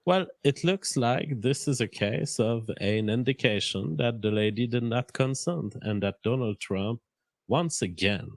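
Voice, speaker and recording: A man with a French accent slowly reading out and questioning a story in a played stream clip. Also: medium pitch, no echo. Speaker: commentator. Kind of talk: played clip of a livestream monologue.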